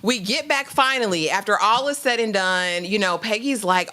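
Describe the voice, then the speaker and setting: A woman co-hosting a live TV recap, chatting casually and acting out characters' lines with animated delivery. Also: mid-range voice, moderate pace. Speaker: podcast co-host.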